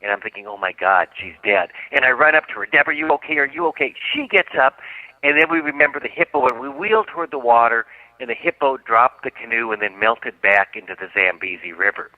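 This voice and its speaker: A man's voice: medium pitch, expressive, brisk, no echo. A man telling a story as a radio guest, vividly acting out the quotes. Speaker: guest author. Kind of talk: animated storytelling. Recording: dry, phone-like line.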